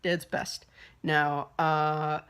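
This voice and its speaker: A woman's voice: deep voice, little pitch movement, takes it slowly, fairly bright tone, clear, resonant tone. A young woman giving a casual, rambling film review, swearing freely and full of fillers and restarts. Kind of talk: casual spoken movie review.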